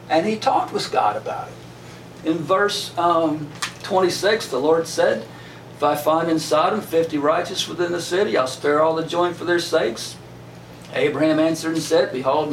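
A man leading a casual Bible study, reading verses and retelling them in folksy slang. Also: sits high. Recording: echoey room, mic far off, faint noise.

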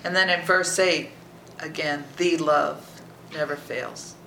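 Gravelly-voiced Bible teacher in echoey room. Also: mid-range voice, fairly even intonation, takes it slowly, pushed and bright, slight background noise. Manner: reads scripture aloud, then explains it verse by verse; checks in with listeners by asking "okay?".

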